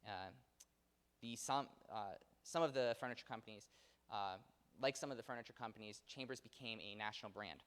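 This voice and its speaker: This fairly low-pitched man speaks briskly, his tone smooth and fairly bright. He's delivering a chatty local history lecture, stumbling through fillers and correcting himself, with long reverb from the theater auditorium around him.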